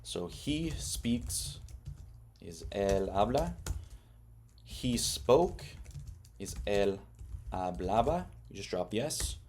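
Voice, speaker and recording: A man's voice: fairly low pitch, big pitch swings, drawn-out words, long pauses, a little mellow, slight background noise. Casual man explaining a Spanish chart. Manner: explains patiently and asks the viewer questions. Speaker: Spanish teacher. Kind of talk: casual online lesson.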